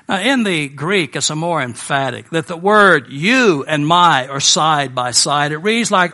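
Bright-voiced American male preacher. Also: fairly high pitch, animated, moderate pace, few pauses. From United States. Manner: conversational storytelling with asides. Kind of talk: sermon.

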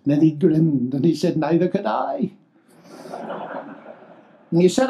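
An older man preaching a sermon, expressive and exclamatory, swinging between loud declarations and hushed asides. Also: a little high, moderate pace.

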